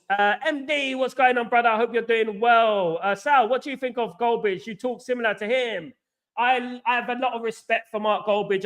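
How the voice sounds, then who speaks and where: A man's voice: high-pitched, fairly bright tone. A middle-aged man with a London accent, hosting a casual livestream chat, rambling and repeating "you know what I mean". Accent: London English. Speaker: host.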